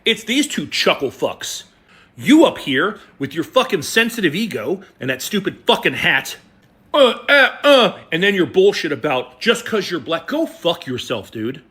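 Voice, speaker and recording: A man's voice: high-pitched, very animated, normal speed, a bit bright. A man giving blunt, profane commentary, telling a story before turning angry. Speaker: online commentator.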